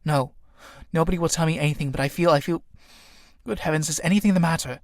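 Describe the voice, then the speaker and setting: A man's voice: on the high side, fast, no echo, studio quality, close to an everyday voice. A man reading the part of an anxious young woman in an audiobook of a play, in a pleading way. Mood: nervous.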